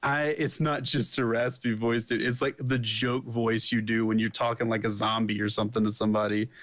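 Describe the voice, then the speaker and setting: A man's voice: medium pitch, level tone, fairly quick, a bit bright, no echo. Blunt, foul-mouthed man chatting. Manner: blunt, heavy swearing. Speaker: podcast co-host. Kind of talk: casual chat.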